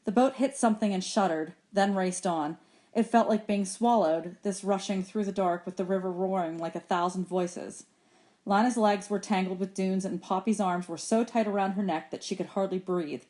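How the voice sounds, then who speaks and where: A woman reads a children's novel aloud for her students. Her voice sits in an ordinary middle range. She reads with expression and raises her pitch when the characters speak. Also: fairly even intonation, moderate pace, a little mellow. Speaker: teacher reading aloud to students. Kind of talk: audiobook chapter reading.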